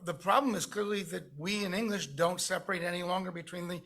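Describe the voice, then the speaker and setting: A man taking part in a text-study class over a video call, making his points deliberately and reading translations slowly and emphatically. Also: sits high, fairly even intonation, sharp tone. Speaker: class participant.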